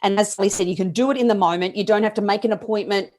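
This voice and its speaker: A woman's voice: mid-range voice, racing. A woman co-hosting a parenting chat, agreeing often and laughing easily. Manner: warm agreeing listener, easy laugh. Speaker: co-host. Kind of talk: conversational parenting advice chat.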